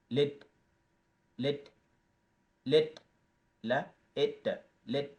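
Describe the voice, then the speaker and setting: Slow-speaking man teaching words. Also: medium pitch. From South Sudan. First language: Dinka. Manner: repeats words slowly, chatty asides to viewers. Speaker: language teacher. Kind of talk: casual vocabulary lesson.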